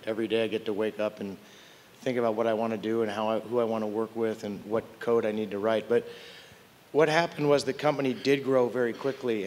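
A man's voice: fairly low pitch, slight background noise. An older man on a technology panel, telling candid, wry stories and often restarting his sentences. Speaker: tech panelist. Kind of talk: conference panel storytelling. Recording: long hall reverb.

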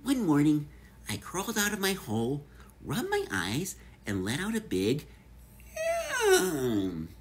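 A man reading a children's picture book aloud as a cheerful yoga-loving bunny, in a sing-song, animated voice. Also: fairly high pitch, normal speed. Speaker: storybook narrator.

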